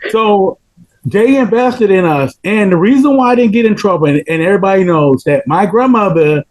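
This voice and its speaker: A man in his fifties with a Southern Georgia accent, telling stories as a podcast guest in an animated way, laughing often. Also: high voice, normal speed, low-quality recording. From Pelham, Georgia, US. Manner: animated, laughs often, repeats words when excited. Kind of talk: casual storytelling interview.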